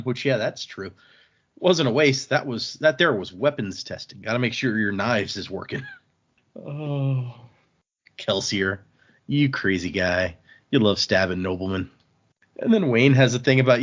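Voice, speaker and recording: A man casually recapping book chapters on a podcast, relaxed and chatty, quoting characters as he goes. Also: medium pitch, moderate pace. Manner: relaxed, chatty retelling with small restarts. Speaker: podcast host. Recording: slightly dull lo-fi mic audio.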